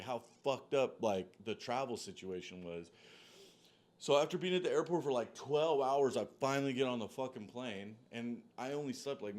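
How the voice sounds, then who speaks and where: A man rambles through a story in a casual, unscripted way, swearing freely and hopping between tangents. His talk is loose and animated, with plenty of "like" and "dude" fillers. His voice sits at an ordinary middle pitch for a man. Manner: profane, rambling, heavy use of "like" and "dude".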